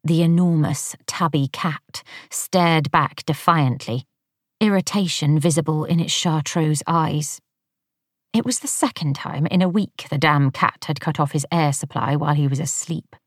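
Low-voiced woman reading a story. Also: unhurried, dry recording, clean studio sound. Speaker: narrator. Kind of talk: scripted audiobook narration.

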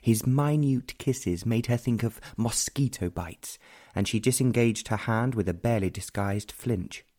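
Mellow-voiced male audiobook narrator. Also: mid-range voice, unhurried. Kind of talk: scripted narration.

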